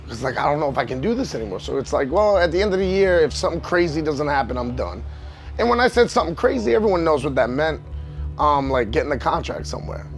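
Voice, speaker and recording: A man, a professional wrestler telling his story in a candid sit-down interview, emotional and rambling. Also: mid-range voice. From New York. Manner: emotional, rambling, frequent "you know what I mean".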